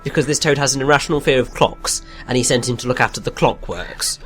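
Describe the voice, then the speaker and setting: A man in casual game commentary who gets excited and rambles with enthusiasm. His pitch is mid-range and his delivery is loose. Faint game music plays under his voice. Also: quick pace. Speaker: let's play co-host.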